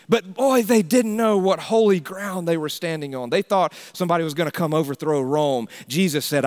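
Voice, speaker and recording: A man delivering a sermon with a fairly high voice. He moves dynamically between ringing, emphatic exclamations and soft, hushed near-whispers, preaching with conviction. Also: a little fast, hardly any pauses. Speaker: pastor.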